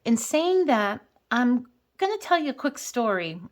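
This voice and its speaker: Woman, 50s, budgeting vlogger, earnest and chatty, slightly higher voice. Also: sing-song, a little slow. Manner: chatty, earnest, counts bills aloud in quiet rhythm. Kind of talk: casual vlog storytelling and cash counting.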